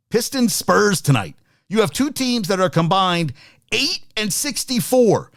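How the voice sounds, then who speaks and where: A man hosts a loose sports talk stream, swearing, joking and answering viewer comments as he goes. His voice sits a little high and swings widely in pitch. The sound is dry and close to the mic. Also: a bit bright, no room sound. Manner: profane, jokey, rambling, reads viewer comments aloud. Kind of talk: casual live-stream sports chat.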